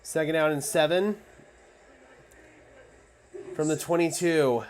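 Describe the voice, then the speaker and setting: A man calls a football game play by play as a fan, his voice sitting a little high for a man. He sounds exasperated, venting about his team's defense between plays. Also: slow, long pauses, a little mellow. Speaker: fan commentator. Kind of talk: live play-by-play fan commentary.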